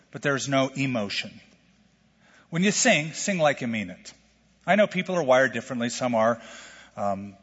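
A middle-aged male pastor preaching a sermon in a lively, conversational way, full of questions to the congregation. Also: medium pitch, breathy edge. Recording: lo-fi sermon recording with long hall reverb.

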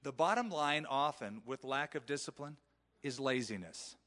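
A man's voice: mid-range voice, expressive, normal speed, a bit bright, long reverb tail. A male pastor preaching in a conversational sermon style, acting out the quoted voices of parents. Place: church sanctuary.

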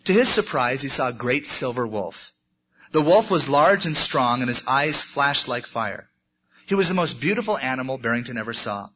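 A man's voice: medium pitch, lively intonation, normal speed, sharp tone, husky. A man, a preacher, reading a story aloud expressively within a sermon. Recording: muffled lo-fi recording.

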